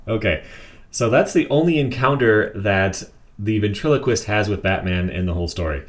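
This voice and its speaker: A man's voice: fairly low pitch, normal speed. A man casually reviewing a comic book, reading it aloud and adding amused, chuckling asides.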